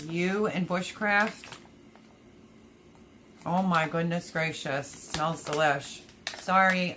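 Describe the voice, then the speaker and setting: Low-voiced chatty woman livestreamer. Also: fairly bright tone, a little hiss or hum. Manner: chatty, laughs often, reads viewer comments aloud. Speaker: livestream host. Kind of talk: casual livestream chat reading comments.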